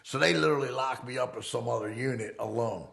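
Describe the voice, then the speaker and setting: A middle-aged man telling his own story in a casual, animated and profane way, acting out the people in it. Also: mid-range voice, fast talker, gravelly. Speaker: interviewee.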